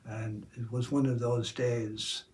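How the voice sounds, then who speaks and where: A man who is a Catholic priest, giving a sermon in a slow, measured way with some hesitations. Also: mid-range voice, flat delivery, a little mellow.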